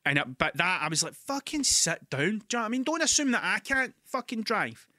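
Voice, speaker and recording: A Scottish man hosting a podcast, telling stories in an animated, sweary, ranting way. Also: high voice, fast, no echo, clean studio sound. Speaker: podcast host. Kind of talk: casual monologue.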